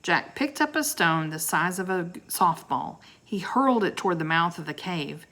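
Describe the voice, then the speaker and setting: Woman reading a children's chapter book, expressive, slightly low voice, chatty asides. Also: moderate pace. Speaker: storybook reader.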